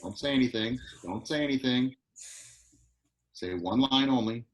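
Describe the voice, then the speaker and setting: A man's voice: medium pitch, poor audio. Man coaching actors over a video call. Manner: directive, coaching with quick repeated instructions. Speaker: acting coach. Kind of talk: live online acting class.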